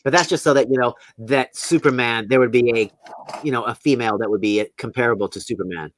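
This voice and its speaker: A man's voice: medium pitch, fast talker, fairly bright tone, slight background noise. Chatty man explaining at length. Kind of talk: casual stream chat.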